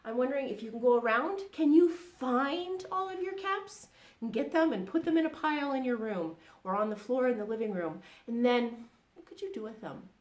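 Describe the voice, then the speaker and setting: A woman reading a children's story aloud, animated and asking the young listeners questions as she goes. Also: on the high side, moderate pace, echoey room.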